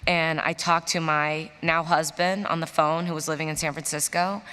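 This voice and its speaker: Chicago woman on stage telling stories, kinda low voice, big hall echo, acts out what people said. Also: moderate pace, clear, resonant tone. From Chicago, USA. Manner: animated storyteller, acts out quoted voices. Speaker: interview guest, business executive. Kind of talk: storytelling in a stage interview. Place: large conference hall on stage. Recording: reverberant conference hall.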